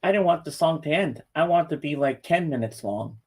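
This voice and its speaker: A man's voice: a little high, animated, a little fast. A man co-hosting a podcast, chatting casually in an easygoing, plain-spoken way. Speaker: podcast co-host. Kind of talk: casual chat.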